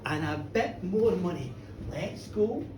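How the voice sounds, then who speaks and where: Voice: medium pitch, lively intonation, slow, darkish tone, slight background noise, voice pushed down. A storyteller voicing a cheeky shapeshifting peasant boy, coaxing and scheming, told live in a bar. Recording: roomy, distant live bar recording.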